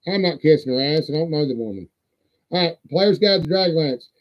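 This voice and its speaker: A man's voice: a little high, animated, normal speed. A man hosting a livestream, talking in a folksy, profane, rambling way. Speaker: livestream host. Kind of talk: casual livestream show-and-tell. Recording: dull lo-fi stream audio.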